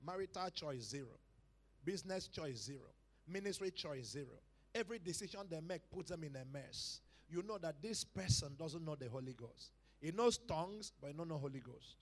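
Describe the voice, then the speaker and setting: A male pastor preaching a sermon to a church congregation, dropping to hushed lines and rising to loud shouted calls, repeating phrases for emphasis. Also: on the high side, expressive, normal speed. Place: church service.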